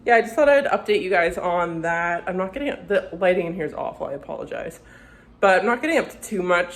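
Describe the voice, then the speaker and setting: A woman's voice: fairly low pitch, expressive, fast talker. A young woman with a stuffy, congested nose, chatting casually to camera as a vlogger in a rambling, easygoing way. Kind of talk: casual vlog chat.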